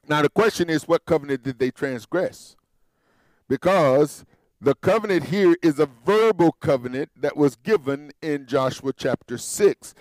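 High-voiced man teaching scripture. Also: expressive, measured pace, dry recording. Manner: conversational, explains and repeats phrases. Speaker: Bible teacher. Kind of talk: verse-by-verse Bible teaching.

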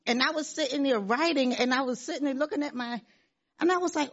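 Middle-aged woman sharing a testimony at church, earnest, lots of restarts and laughing, kinda high voice, dull lo-fi sound. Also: brisk, a bit bright. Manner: earnest, repeats herself, laughs often. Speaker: church member giving testimony.

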